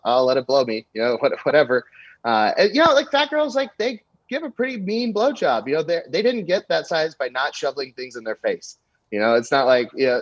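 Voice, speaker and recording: This young man, a comic appearing as a podcast guest, speaks at a medium pitch while spinning a raunchy story loaded with fillers. The audio has no room sound and comes across dry and a little dull, but his delivery is animated and crude.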